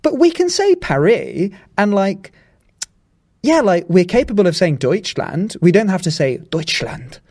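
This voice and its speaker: Young male co-host, playful and rambling, voice sits a touch high. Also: big pitch swings, unhurried, darkish tone. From England. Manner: rambling, playful, laughs often. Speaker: podcast co-host. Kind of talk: casual chat.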